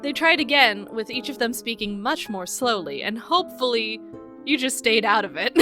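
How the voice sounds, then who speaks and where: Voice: medium pitch, expressive, moderate pace, sharp tone, soft background music. A woman co-hosting a podcast, retelling a case from her notes in casual chat and laughing often. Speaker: podcast co-host.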